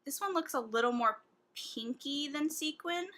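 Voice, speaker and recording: A woman beauty vlogger swatching eyeshadows in a casual vlog, gushing and excitable, with gasps of delight. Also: high-pitched, moderate pace, a little hiss or hum.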